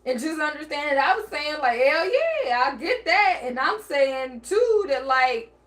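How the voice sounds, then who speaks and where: A woman's voice: high voice, sing-song, unhurried, fairly bright tone. A woman vlogger speaking in an emotional, blunt and profane personal monologue, acting out bits of dialogue. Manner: emotional, near tears and laughing by turns.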